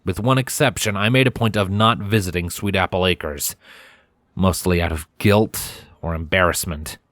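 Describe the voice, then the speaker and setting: A man reads a story aloud in the first person, steady and measured. His voice sits low, and the recording is dry and close with no room sound. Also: no room sound. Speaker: fanfiction audiobook reader. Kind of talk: first-person audiobook narration.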